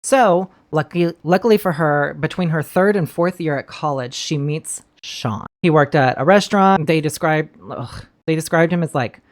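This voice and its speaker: A woman with a deep voice reviews a TV episode in a casual, chatty way, speaking at normal speed. She swears freely and addresses her viewers directly.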